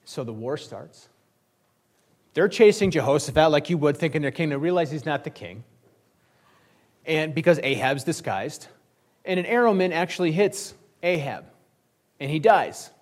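Male preacher, high voice, sarcastic storyteller who acts out the scripture characters. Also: animated, moderate pace, pauses often. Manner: wry, sarcastic, acts out the kings' lines. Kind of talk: sermon retelling scripture.

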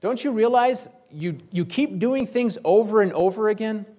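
A stern prophet scolding at the top of a raised, strained voice, fed up and loud. A male pastor puts him on with full exasperation behind every line. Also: high-pitched, moderate pace, pitched above the performer's own voice.

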